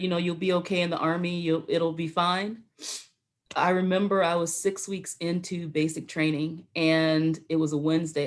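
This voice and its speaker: A middle-aged American woman, a retired Army colonel, telling stories as a talk show guest and acting out the voices she quotes. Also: sits low. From United States. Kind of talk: storytelling in a talk show interview.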